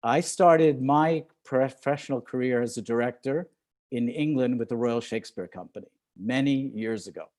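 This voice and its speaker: Older man, film director, video call talk, halting and full of fillers, mid-pitched voice. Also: a little mellow. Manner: hesitant, many fillers and restarts, chuckles often. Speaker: film director, guest speaker.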